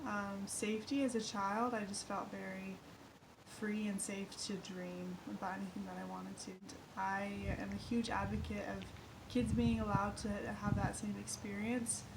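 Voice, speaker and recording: A woman author chatting casually and reading aloud her own childhood story, relaxed with small fillers. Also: mid-range voice, background noise.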